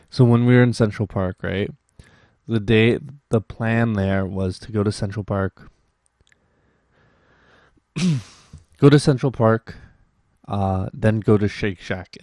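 Rambling low-voiced Canadian man. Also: darkish tone, dry recording, clean studio sound. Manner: rambling, with many restarts and acted-out quotes. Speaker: podcast host. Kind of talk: rambling casual monologue.

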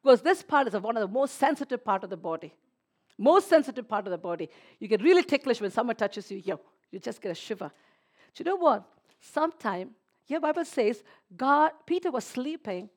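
A woman preaching a sermon, swinging from hushed, near-whispered lines to loud, excited exclamations. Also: a little high, a little fast.

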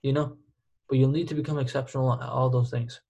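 A man's voice: mid-range voice, little pitch movement, fast, vocal fry, mellow, slightly rough, lo-fi sound. A man co-hosting a podcast in casual chat, emphatic and repetitive, dropping slang like dude and bro. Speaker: podcast co-host.

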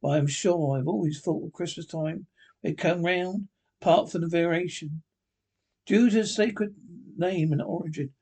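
A man voicing a cheerful, earnest young man in a storybook reading, warm-hearted and pleading, with a husky voice. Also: fairly high pitch, normal speed.

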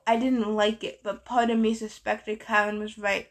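A woman reading a novel aloud in a steady first-person storytelling voice. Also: mid-range voice, moderate pace, few pauses. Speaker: narrator. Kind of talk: audiobook reading.

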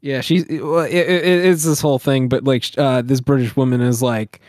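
A young American man co-hosting a podcast, ranting in animated casual chat with many restarts. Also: medium pitch, brisk, few pauses, no echo, studio quality. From United States. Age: young adult. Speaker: podcast co-host.

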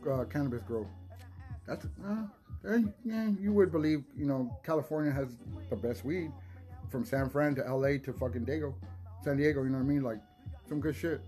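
A man's voice: on the high side, warm tone. A young man hosting a casual solo podcast, rambling with lots of swearing, laughs and restarted words. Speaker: podcast host.

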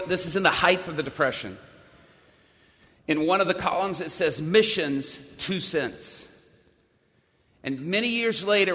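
A man preaching a sermon as a story, swinging from strong, ringing lines down to hushed, near-whispered ones. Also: fairly high pitch. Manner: dramatic, drops to a hushed near-whisper at emotional points. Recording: echoey hall.

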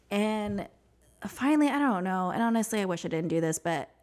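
A woman, an interview guest, telling her personal story in casual conversation, animated, saying "like" a lot and acting out what others said. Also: mid-range voice, brisk.

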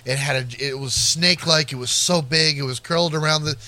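Bright high-voiced joking man. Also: fairly even intonation, a little fast, no room sound. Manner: rambling storyteller, crude jokes. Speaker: podcast co-host. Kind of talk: casual crude chat.

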